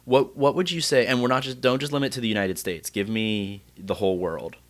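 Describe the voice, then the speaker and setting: A man's voice: medium pitch, fairly even intonation, brisk. A man hosting a casual podcast chat, rambling and restarting his sentences as he thinks. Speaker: podcast host.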